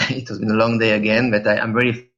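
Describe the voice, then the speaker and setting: A middle-aged man with a French accent answers interview questions in a low voice, halting and searching for his English words. His audio comes through a little muffled. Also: level tone, a bit bright. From France. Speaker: guest, app developer.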